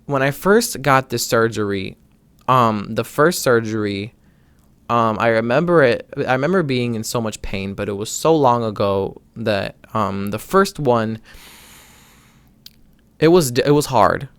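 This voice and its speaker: A man's voice: medium pitch, expressive, unhurried, fairly bright tone, smooth, no echo. A young man hosting his own show, telling a personal story in a rambling, casual way, with restarts and some swearing. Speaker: podcast host.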